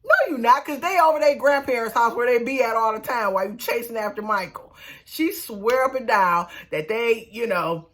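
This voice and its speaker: A young woman talks through a reality TV episode in a loose, slangy way. She is sassy and animated, acting out the people she quotes in loud, high voices. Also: moderate pace. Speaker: reality TV recap host. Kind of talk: casual recap commentary.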